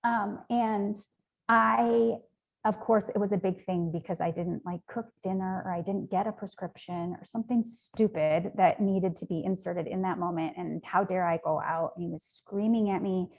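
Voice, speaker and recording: A woman's voice: medium pitch, steady tone, normal speed, gravelly. A woman speaking as an interview guest, earnest and rambling, with frequent ums and likes. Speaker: nonprofit founder, interview guest. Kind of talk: conversational interview.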